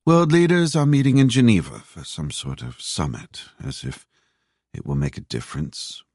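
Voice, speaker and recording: A man's voice: deep voice, wildly swooping pitch, moderate pace, darkish tone, no echo, studio quality, exaggerated voice. A man voicing a young woman aid worker, light and a little wry.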